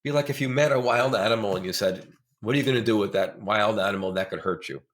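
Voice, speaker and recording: A man's voice: lowish voice, fast. Earnest man explaining with emphasis. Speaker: therapist and guest. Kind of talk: conversational interview.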